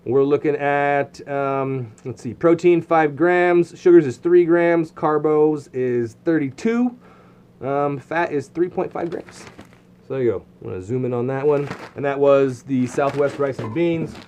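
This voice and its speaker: A man's voice: on the high side, a little slow, darkish tone, clean tone. A man giving casual, rambling commentary while unboxing outdoor gear, with lots of fillers and restarts.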